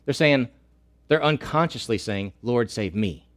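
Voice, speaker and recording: A male pastor preaching a sermon, repeating key phrases and swinging between loud emphatic lines and slow, hushed ones. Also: medium pitch, lively intonation.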